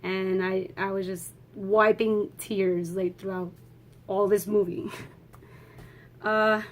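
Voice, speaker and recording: A young woman giving a rambling, excitable movie review, swearing freely and talking in a casual way. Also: mid-range voice, slow pace.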